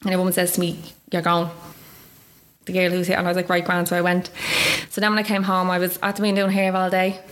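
A woman's voice: lowish voice, completely flat delivery, fast talker. A young woman with an Irish accent, telling her own story as an interview guest in a chatty way, full of "like" and acted-out quotes. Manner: chatty, lots of "like", acts out quoted voices. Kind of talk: personal story told in conversation.

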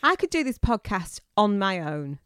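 A woman's voice: mid-range voice, very animated, moderate pace, fairly bright tone, smooth, dry recording, clean studio sound. A woman with a Mancunian accent co-hosting a podcast, feisty, blunt and sarcastic. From northern England. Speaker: podcast co-host. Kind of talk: casual chat.

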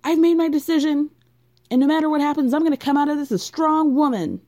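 A woman doing a shrill fed-up lady, defiant, high, fast, loud. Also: natural voice.

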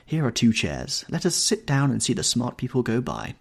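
A man's voice: medium pitch, wildly swooping pitch, moderate pace, vocal fry, husky, exaggerated voice. A man reading an audiobook, voicing a lovestruck young actress in a raised, breathless, rapturous tone. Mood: coaxing.

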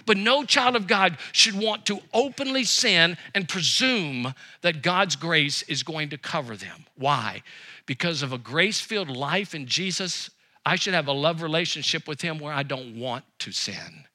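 A man's voice: on the high side, lively intonation, measured pace, pushed and bright. A man preaching a sermon as pastor, earnest, his voice rising and dropping for emphasis.

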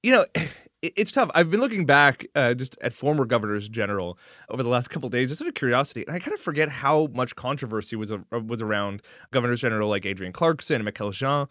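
A man hosting a casual political chat, teasing and quick to push back. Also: medium pitch, animated, sharp tone, no echo, clean studio sound. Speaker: podcast host.

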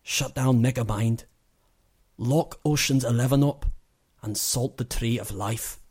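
A grieving poet with a put-on Scottish accent, done by a man for laughs. He recites slowly and darkly, each line weighed down. His voice is husky and mellow. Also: mid-range voice, pitched above the performer's own voice. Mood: mock-solemn. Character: man mock-mournfully reciting a funeral poem. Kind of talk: dramatic poetry reading.

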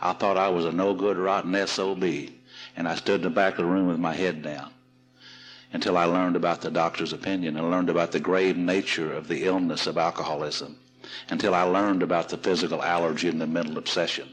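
Deep guy spinning a folksy story at a seminar, old recording w faint music in back. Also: steady tone, brisk, poor audio. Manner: folksy, self-mocking storyteller. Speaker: seminar speaker. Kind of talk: storytelling talk at a recovery seminar.

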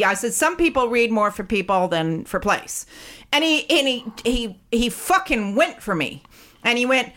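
A woman telling a story as a sharp, profane, fast-talking rant on a comedy show. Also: a little high, expressive. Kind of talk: ranting comedic monologue.

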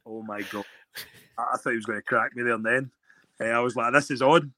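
Scottish male guest, rambling anecdotes, bright tone, dry sound. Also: mid-range voice, little pitch movement, quick pace, no room sound. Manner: rambling storyteller with many restarts. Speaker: guest rugby player. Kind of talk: casual interview chat.

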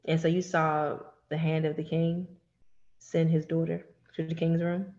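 A woman in casual chat about a TV show, animated and swearing freely. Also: sits low, dull audio. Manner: animated, swearing, talks fast in bursts.

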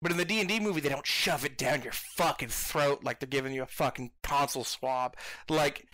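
A man's voice: medium pitch, a little fast, bright, forceful tone, dry recording. A man co-hosting a casual movie podcast, rambling and profane, with stammered restarts and self-mocking asides. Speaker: podcast co-host. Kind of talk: casual movie review chat.

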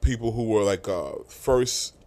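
A middle-aged man from New York settles in as the guest of an easygoing interview. His voice sits on the low side. He spins stories in loose, slangy talk and laughs often along the way. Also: a little slow, darkish tone. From New York, USA. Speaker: guest, music industry A&R. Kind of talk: casual storytelling interview.

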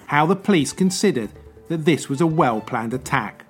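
A man hosting a true crime podcast, reading scripted narration in a measured way. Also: a little high, animated, husky, faint music behind. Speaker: podcast host.

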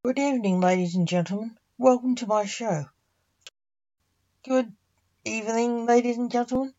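A woman's voice: fairly high pitch, normal speed, dark tone, highs cut off, pitched above the performer's own voice, close to an everyday voice. A woman voicing a nervous young male stage magician who announces his show in a showman's voice. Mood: announcing.

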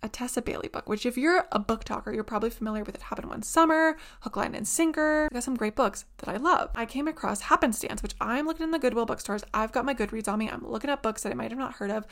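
A woman's voice: fairly high pitch, quick pace, few pauses, fairly bright tone. A woman in her twenties hosting a casual solo podcast, telling rambling stories with lots of "like". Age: 20s. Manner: rambling, chatty storyteller, heavy use of "like". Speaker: podcast host.

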